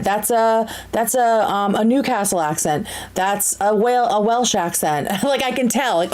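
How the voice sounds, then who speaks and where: A woman's voice: mid-range voice, measured pace, low-quality recording. A woman hosting a live-streamed podcast, chatting casually and animatedly, with many fillers and restarts. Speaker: podcast host.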